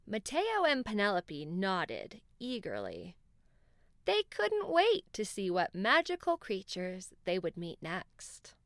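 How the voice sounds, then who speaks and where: A woman hosting a children's podcast, narrating a bedtime-style story in a gentle, warm way. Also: medium pitch, wildly swooping pitch, slow pace, no echo, studio quality.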